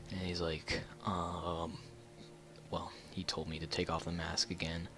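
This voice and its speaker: A man's voice: low voice, level tone, a little slow. A man telling a personal story in a casual storytime vlog, rambling with many fillers and restarts. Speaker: YouTuber.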